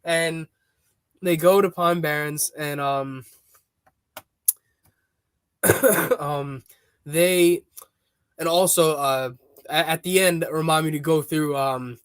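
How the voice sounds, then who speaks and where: Brief: male podcast host, casual rambling storyteller, slightly high pitch. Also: takes it slowly, pauses often, clear, resonant tone, no room sound. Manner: rambling storyteller, many fillers and restarts. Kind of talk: casual chat.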